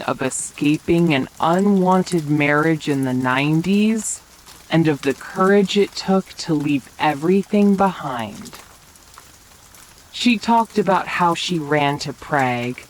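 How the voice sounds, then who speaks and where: A woman telling a romantic bedtime story in a soft, whispered role-play. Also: low voice, a little hiss or hum, rough recording. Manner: slow, soft bedtime narration. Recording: faint rain sounds behind.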